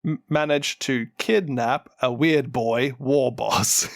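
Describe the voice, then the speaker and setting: A man's voice: medium pitch, slow, gravelly, no echo, clean studio sound. A man with a New Zealand accent, co-hosting a podcast and animatedly retelling lore, laughing often and acting out what characters say. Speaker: podcast co-host.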